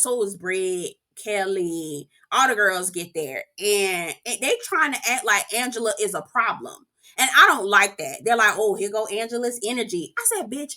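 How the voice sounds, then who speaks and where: Woman recap host, bright and forceful, sassy and profane, casual commentary. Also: fairly high pitch. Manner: sassy, profane, animated reactions to the show.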